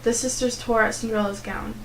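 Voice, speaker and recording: A teenage young woman reading a children's storybook aloud in a steady, clear narrating voice. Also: a little high, fast, slight background noise, poor audio. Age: teens. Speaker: student reader.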